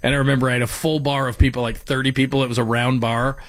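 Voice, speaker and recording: A man with a mid-range voice hosts a sports talk radio show, rambling casually through listener texts and stories. He talks fast with a flat delivery, sounding conversational and self-deprecating, in a dry recording.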